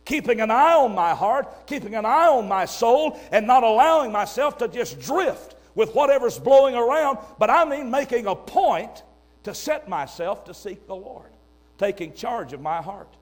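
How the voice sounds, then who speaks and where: An older man preaching a sermon, emphatic and swinging between loud and hushed delivery. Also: very high voice, sing-song, moderate pace.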